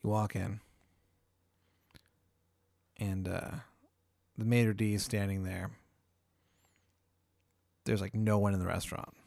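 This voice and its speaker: A man's voice: fairly low pitch, level tone, takes it slowly, creaky, long pauses, a little mellow, dry recording. A man hosting a comedy podcast, spinning a long hypothetical story in a rambling way, full of "like" and "uh". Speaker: podcast host.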